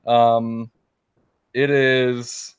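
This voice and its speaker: A man's voice: medium pitch, level tone, extremely slow, clear, resonant tone. A man playing a tabletop game, talking through his turn with a lot of hesitation. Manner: hesitant, lots of ums while deciding. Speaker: player. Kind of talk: casual tabletop game talk.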